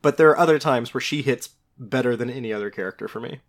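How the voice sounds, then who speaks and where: Man, podcast co-host, casual review chat, rambling, enthusiastic, average pitch. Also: fast talker. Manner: enthusiastic, rambling, laughs easily.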